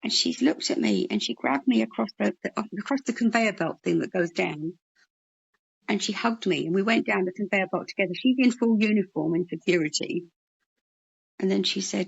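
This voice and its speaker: Woman, comedian guest, anecdotal storyteller, husky voice, slightly dull recording. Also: medium pitch, brisk. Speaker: comedian and mental health worker. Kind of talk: storytelling interview chat.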